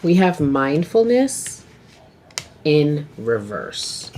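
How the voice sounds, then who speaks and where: Slow, low-voiced woman reading tarot. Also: big pitch swings, a little mellow. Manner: chatty, rambling, says okay often. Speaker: tarot reader. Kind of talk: casual tarot reading to camera. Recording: noisy home video recording.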